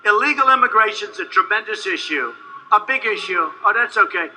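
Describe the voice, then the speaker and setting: High, bright-voiced man at a rally. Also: expressive, fairly quick, a little hiss or hum, poor audio. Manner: rambling, repetitive, boastful; shouts at times to a crowd. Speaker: political candidate. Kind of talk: campaign rally speech.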